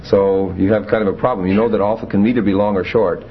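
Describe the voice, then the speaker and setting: A man teaching a Greek grammar class, explaining rules methodically with frequent pauses and fillers. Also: lowish voice, steady tone. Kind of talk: classroom lecture. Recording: muffled lo-fi classroom recording.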